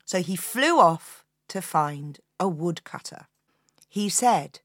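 A woman hosting a storytelling podcast, telling a folk tale to children in an expressive, inviting way. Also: mid-range voice, slow pace, no echo, faint music behind. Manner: expressive, inviting the listener to join in.

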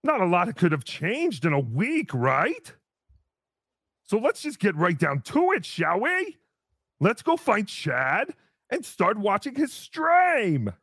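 A man playing a cheery, childish host character in a comedy livestream, talking in a sweet, drawn-out, sing-song way. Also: high-pitched, wildly swooping pitch, fairly bright tone, slightly rough, no room sound, clean studio sound, exaggerated voice. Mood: chipper.

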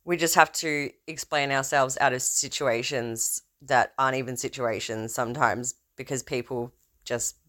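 A woman with a low, deep-set speaking voice, trained as an opera singer, rambles through a casual podcast monologue. Her tone is smooth and resonant. She restarts her sentences often and leans into theatrical emphasis. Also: sharp tone. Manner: rambling, self-interrupting, theatrical swings in emphasis. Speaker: podcast host.

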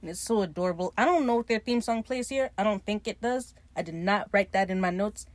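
Animated, profane woman recapping a show. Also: mid-range voice, fairly quick, no echo. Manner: animated, profane, gushing, often laughing. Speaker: podcast host. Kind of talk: casual episode recap.

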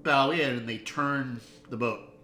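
A man narrating as game master of a tabletop game, animated and laughing as he tells the story. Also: medium pitch, a little slow. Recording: echoey room.

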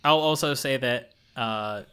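A podcast host from an English-speaking country chats casually and loosely, rambling with frequent fillers and restarts. His voice is medium-pitched, fairly bright, and clean, and he speaks at a measured pace.

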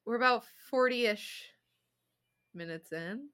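A woman's voice: a little high, takes it slowly, sharp tone, clear, resonant tone. A young woman co-hosting a podcast in casual chat, rambling with lots of fillers and giggles. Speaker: podcast co-host.

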